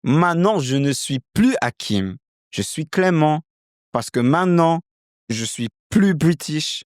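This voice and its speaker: A man's voice: a little high, no room sound, studio quality, voice pushed up. A man putting on a confident Frenchman. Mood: assured. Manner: lively, drawn-out French intonation.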